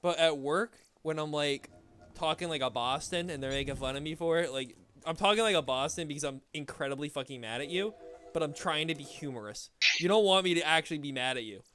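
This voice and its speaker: A man's voice: fairly high pitch, a little fast, a bit bright, soft background music. A young man streaming a game, chatting casually in a rambling, laid-back way with lots of swearing and filler words. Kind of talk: casual chat while gaming.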